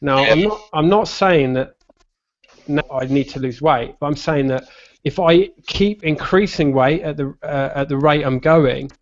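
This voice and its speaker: A man with a Buckinghamshire accent, chatting on a gaming stream and swearing freely as he spins jokey stories. His voice sits a little high for a man, and the stream audio is slightly muffled. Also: a little slow. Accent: Buckinghamshire English. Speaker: stream co-host. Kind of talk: casual chat.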